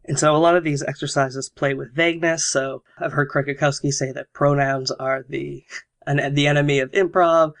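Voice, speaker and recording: Podcast host, male, a bit high-pitched with some fry, easygoing explainer. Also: level tone, moderate pace, a bit bright. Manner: explanatory, walks through steps with examples. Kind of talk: casual explanation of improv exercises.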